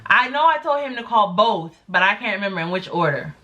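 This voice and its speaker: A woman's voice: brisk, dull audio. A young woman vlogger telling a story casually, acting out quotes with big jumps in her voice. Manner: animated, acts out quotes with big pitch jumps.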